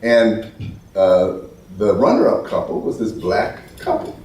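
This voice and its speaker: An American man giving an animated storytelling talk at an event, restarting often and acting out the voices he quotes. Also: lowish voice, unhurried, background noise. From United States. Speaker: speaker at an event. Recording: roomy hall from far off.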